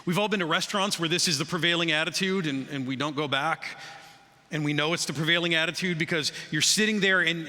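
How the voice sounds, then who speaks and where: Male pastor, bright forceful voice, slightly high pitch, conversational sermon, long church-hall reverb. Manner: conversational, lively preaching with asides to the congregation. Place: church sanctuary.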